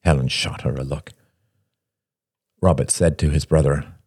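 A man narrating a story in a measured way. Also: rumbling low, fairly even intonation, a little mellow, slightly rough, dry recording, clean studio sound. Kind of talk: audiobook narration.

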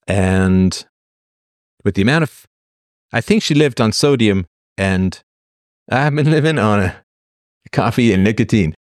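A man's voice: on the low side, lively intonation, unhurried, long pauses, no echo, studio quality. A man from England telling a rambling comic story, sardonic and full of exaggeration.

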